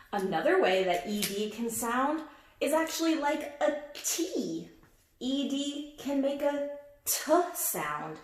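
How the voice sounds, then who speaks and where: A woman's voice: fairly high pitch, echoey room. A woman teaching a phonics lesson and reading a picture book aloud, patient and encouraging, stretching out word sounds for young listeners.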